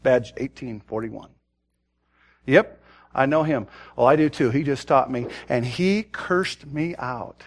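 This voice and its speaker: A man preaching a sermon, telling a quiet personal story and then rising into loud, urgent exhortation, often repeating words as he starts a thought. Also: medium pitch, slow pace. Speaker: pastor.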